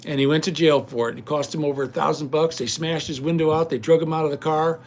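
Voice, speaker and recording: An older man rambles and rants to his stream viewers with growing indignation. His voice sits a bit higher than most men's, and a faint hiss runs under the recording. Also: fairly even intonation, fast. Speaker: livestream host. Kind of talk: casual rant to viewers.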